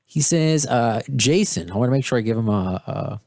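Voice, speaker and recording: A male podcast host talks in a loose, excited ramble, backing up and restarting mid-sentence. His voice sits in a middle register, and the close studio sound is dry with no room echo. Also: medium pitch, moderate pace. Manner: rambling, enthusiastic, many restarts. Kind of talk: casual podcast talk.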